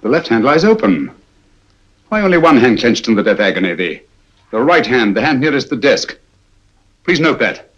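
Brief: middle-aged master detective, husky clipped delivery, dull vintage film sound. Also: male voice, medium pitch, very animated, moderate pace, pauses often. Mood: calm, probing. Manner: clipped, precise, deductive. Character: cool, incisive male detective, middle-aged. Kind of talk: 1940s film acting.

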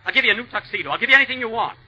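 High, bright, flustered man on 1930s radio. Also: lively intonation, racing, husky, lo-fi sound. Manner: flustered, pleading, exasperated. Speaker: comedian star of the show. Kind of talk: 1930s radio comedy acting. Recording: 1930s radio broadcast recording.

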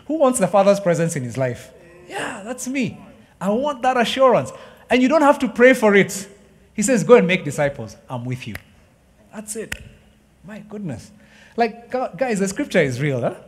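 A man's voice: high voice, big pitch swings, moderate pace, breathy edge, long reverb tail. A man preaching a passionate, emphatic sermon to his congregation, often calling them "guys". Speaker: pastor. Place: church hall.

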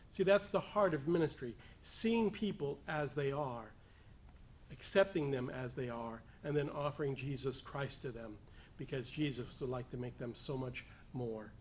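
A man preaching a sermon, building from measured explanation to emphatic, raised appeals. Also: on the high side, a little hiss or hum. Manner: rising to emphatic, raised voice on key points; pleading as he voices the lepers' cry.

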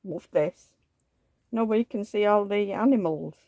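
A woman's voice: medium pitch, unhurried, mellow, dry recording, lo-fi sound. A woman vlogger in casual chat at home, rambling along and cooing at the dolls she dresses. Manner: rambling, chatty, coos at dolls.

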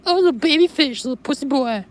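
A shrill, squeaky baby-talk voice, as a man puts it on, teasing and mocking a fish. It sits far above a normal speaking voice. A faint hiss runs underneath. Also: lively intonation, fast talker. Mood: taunting. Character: mocking high-pitched voice taunting a fish.

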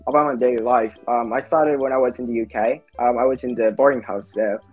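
A man's voice: medium pitch, fairly even intonation, quick pace, a little mellow, faint music behind. A young man from Japan, a native Japanese speaker with a mixed American and British accent, chatting hesitantly on a video call with many fillers. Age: young adult. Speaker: YouTuber doing a prank lesson. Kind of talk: casual chat on a video call.

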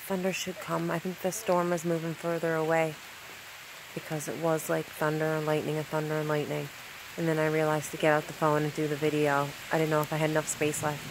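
A woman from Newfoundland, Canada, films a rainstorm on her handheld phone for a casual vlog, sheltering under cover outdoors while light rain patters on the mic. Her low voice runs fairly quick, chatty and excitable, and she slips into baby talk with her dog.

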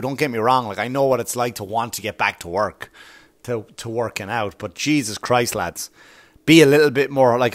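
A man's voice: medium pitch, fairly bright tone, no room sound. A man hosting a comedy podcast, telling a story as a profane, exasperated rant with asides to his listeners. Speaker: podcast host.

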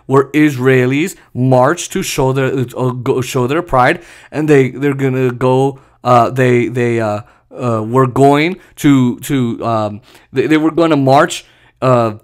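A man hosting a solo podcast, giving heated, sarcastic political commentary and mocking the people he criticizes. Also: mid-range voice. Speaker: podcast host.

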